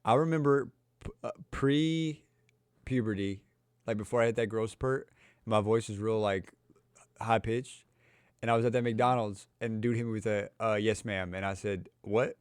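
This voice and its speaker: Young louisville dude on a podcast, low voice, crisp, cussing, words all smushed together. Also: male voice, normal speed, no room sound, clean studio sound. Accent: Louisville Kentucky. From Louisville, Kentucky. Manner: runs sentences together, swears often. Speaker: podcast host. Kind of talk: casual podcast chat.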